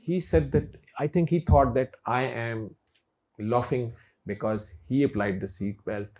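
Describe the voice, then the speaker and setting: A man's voice: medium pitch, a little slow, darkish tone. A middle-aged man, a doctor telling a personal story in a lecture with an anecdotal manner. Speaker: doctor and speaker. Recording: echoey, dull lecture sound.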